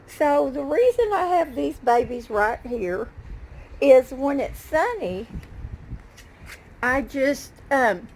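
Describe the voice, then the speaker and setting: A woman's voice: high voice, big pitch swings, slow pace, vocal fry, pauses often, a little mellow, slight background noise, poor audio. A woman chatting casually to her viewers outdoors in her backyard garden, fond of her plants. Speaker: gardening vlogger. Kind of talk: casual show-and-tell chat.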